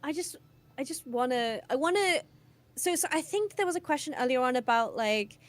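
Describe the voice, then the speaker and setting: A woman's voice: high voice, expressive, moderate pace. A young woman from the West Midlands with a mixed English accent, chatting casually on a podcast and laughing often. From West Midlands, England. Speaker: podcast guest. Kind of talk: casual chat.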